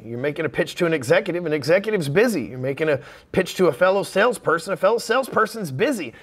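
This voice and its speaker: A middle-aged man with a high, pushy voice gives a profane sales lesson. He speaks bluntly and acts out sample messages in quick voices. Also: fairly bright tone. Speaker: sales coach. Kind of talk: profane motivational sales talk.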